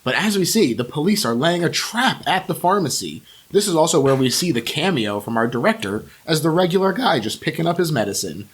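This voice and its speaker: A man's voice: fairly high pitch, sing-song, fairly quick, few pauses, breathy edge. A man co-hosting a podcast, casually recapping a horror movie's plot with frequent laughs and offhand swearing. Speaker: podcast co-host.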